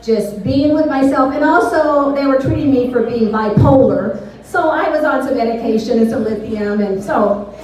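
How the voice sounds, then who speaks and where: High-voiced woman comic, echoey and distant. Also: moderate pace, darkish tone. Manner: rambling, candid, laughs at her own jokes. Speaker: stand-up comedian. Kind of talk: off-the-cuff stand-up storytelling. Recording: echoey room, voice from far off.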